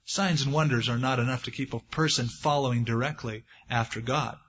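A man's voice: medium pitch, a little fast. A man preaching a sermon, retelling scripture in a folksy storytelling way and acting out the quotes. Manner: folksy storytelling, acts out quotes with lively swings. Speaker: pastor. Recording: dull lo-fi sermon recording.

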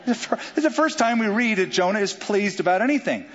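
A man preaching a sermon in an animated way, joking and acting out quotes. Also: high-pitched, fast. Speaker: pastor. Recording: dull sound with long hall reverb.

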